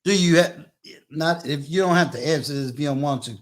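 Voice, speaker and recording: A man's voice: fairly high pitch, a little fast. An older man hosting a casual interview, mostly giving brief acknowledgments and playful asides. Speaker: host.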